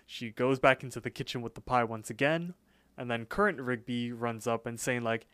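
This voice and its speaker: A man's voice: medium pitch, moderate pace, a bit bright, no room sound. A young man co-hosting a podcast, casually retelling a cartoon episode with lots of "like" and acted-out quotes. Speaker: podcast co-host. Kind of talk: casual chat, episode recap.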